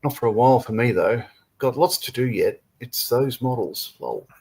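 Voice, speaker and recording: A man's voice: mid-range voice, expressive, moderate pace, darkish tone, slightly rough. Man, livestream co-host, casual chat, reads comments aloud, laughs often. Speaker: co-host of a model-building livestream.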